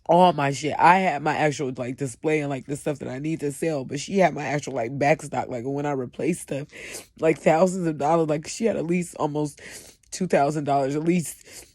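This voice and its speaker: A woman who sells cosmetics tells a storytime vlog, swearing heavily and swinging from loud outbursts to quiet, shaken admissions. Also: sits low, moderate pace, background noise. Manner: emphatic, heavily profane storytelling. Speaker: cosmetics vendor.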